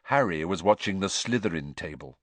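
Male audiobook narrator, low and expressive, dry close mic. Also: brisk, no echo. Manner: expressive storytelling. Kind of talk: scripted narration.

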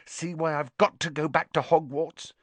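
A man's voice: a little high, fairly even intonation, moderate pace, dry recording, voice pushed up, lightly acted. A man voicing an earnest, frustrated young boy wizard who speaks urgently and defiantly, in an audiobook. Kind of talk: audiobook character voice.

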